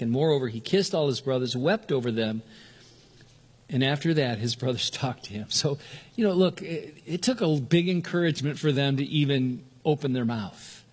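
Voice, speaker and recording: The voice of an older Southern California pastor, darkish and slightly rough, carries an earnest sermon. He often starts words over and raises his pitch to underline key ideas.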